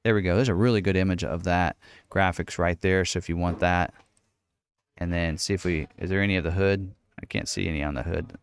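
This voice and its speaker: A man's voice: low-pitched, steady tone, fairly quick, smooth, no echo. A man hosting a car channel, casually walking through options on screen, thinking aloud with many fillers and restarts.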